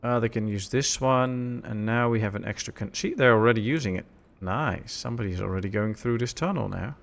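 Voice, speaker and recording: A man casually commenting while he plays a city-building game on a live stream, relaxed and chatty, answering chat as he goes. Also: medium pitch, a little fast, vocal fry.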